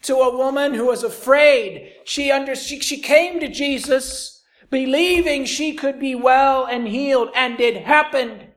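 Delivering a sermon at a measured pace in a high-pitched voice, the preacher alternates raised, forceful statements with quiet, near-whispered passages. Important phrases come back again and again for emphasis.

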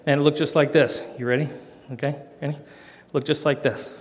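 A man's voice: fairly high pitch, steady tone, a little fast, long reverb tail. A middle-aged man telling a self-mocking, folksy story to a live church audience and demonstrating rope tricks as he talks. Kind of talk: storytelling sermon.

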